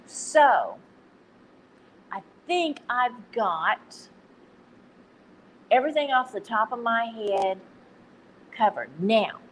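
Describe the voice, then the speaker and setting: A woman's voice: a little high, lively intonation, drawn-out words, pauses often, a bit bright, a little hiss or hum, poor audio. A woman with a Texan accent hosting a casual live stream, chatty and self-deprecating, laughing at her own slips. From Texas.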